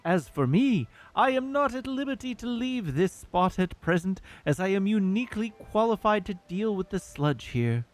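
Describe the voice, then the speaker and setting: Earnest young fish prince, voiced by a man reading aloud, formal courtly talk, high voice, lively pitch. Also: normal speed, hardly any pauses. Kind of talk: reading game dialogue aloud.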